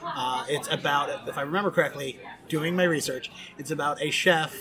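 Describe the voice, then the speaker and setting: A man's voice: on the high side, moderate pace. A man from Baltimore hosting a podcast interview, rambling and joking with plenty of fillers. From Baltimore, USA. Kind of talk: casual interview chat. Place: busy film festival venue. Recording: crowd chatter behind.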